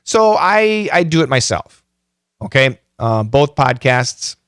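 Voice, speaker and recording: A middle-aged man hosts a podcast, giving a casual, chatty tutorial packed with self-mocking jokes and frequent fillers. His mid-range voice swings widely in pitch, sounds fairly bright and smooth, and moves slowly, in clean studio sound without echo.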